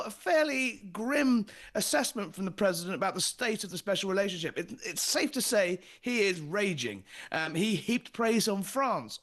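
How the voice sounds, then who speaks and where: A male political journalist with a fairly high voice talks briskly and emphatically. He relays quotes in an energetic news-talk style, pressing each point home. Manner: brisk, emphatic, quoting his interview. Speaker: political journalist and show host.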